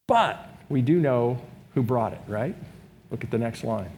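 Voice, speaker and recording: A man's voice: medium pitch, lively intonation, a little slow, darkish tone. A man preaching a sermon as pastor, in a conversational way, putting rhetorical questions to his congregation. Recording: long reverb of a large room.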